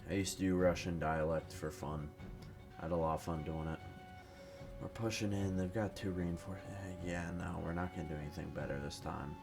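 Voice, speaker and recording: A man giving casual, rambling, profane commentary while playing a strategy game, a bit tired and fumbling for words. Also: deep voice. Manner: rambling, profane, self-deprecating. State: tired, no morning caffeine. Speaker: gaming commentator.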